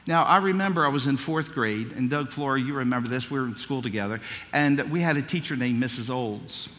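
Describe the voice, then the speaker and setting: A man's voice: mid-range voice, normal speed, fairly bright tone, in a large hall. A man preaching a sermon, telling childhood stories in a folksy, humorous way. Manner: folksy storytelling, humorous asides.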